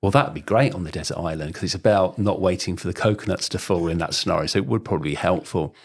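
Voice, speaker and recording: A middle-aged sales trainer discusses books and techniques in a chatty, rambling casual interview, peppering his speech with "you know." His deep voice is creaky and husky, and he talks quickly.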